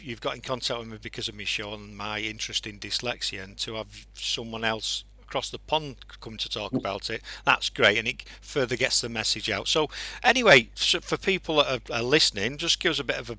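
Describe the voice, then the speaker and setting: A man's voice: mid-range voice, pushed and bright. A man hosting an online radio show, chatting casually with fillers and restarts. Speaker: podcast host.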